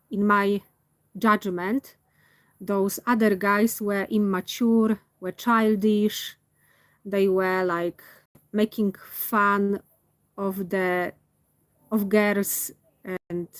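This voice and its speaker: A woman, not a native English speaker, telling a personal story in a reflective monologue and often pausing to search for words. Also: mid-range voice, no room sound. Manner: thoughtful, pauses to search for words. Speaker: vlogger.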